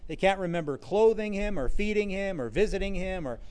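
A man preaching an earnest sermon on scripture, rising and falling in loudness for emphasis, with an occasional wry joke. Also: high voice, expressive, a little fast, clear, resonant tone.

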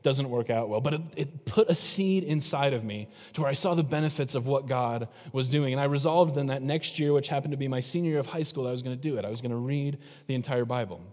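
A man's voice: medium pitch, quick pace, hardly any pauses, darkish tone. A middle-aged male pastor preaching a sermon in a conversational way, throwing rhetorical questions at the congregation. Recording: long hall reverb.

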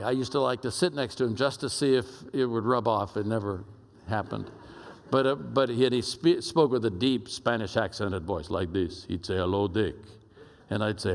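A man giving a sermon in a conversational, storytelling way with lively asides. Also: mid-range voice. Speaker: speaker. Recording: long hall reverb.

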